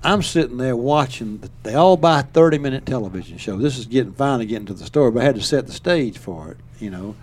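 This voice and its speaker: A man's voice: mid-range voice, lively intonation, fast, few pauses, darkish tone. An older man from Alabama with a Southern accent, telling a story in a folksy, rambling way and chuckling as he goes. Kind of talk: casual storytelling.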